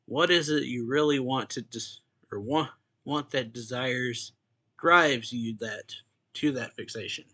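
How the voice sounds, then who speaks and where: A man's voice: mid-range voice, measured pace, sharp tone. A man reading out the lines of a menacing male demon who pushes and insists with his questions. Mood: demanding.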